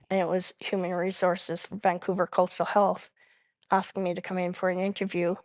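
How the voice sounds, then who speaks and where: A woman's voice: mid-range voice, no echo, studio quality. A middle-aged woman from Canada speaking as main speaker, giving a candid recovery testimony and often checking in with the audience. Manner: candid, tag question "right?" often.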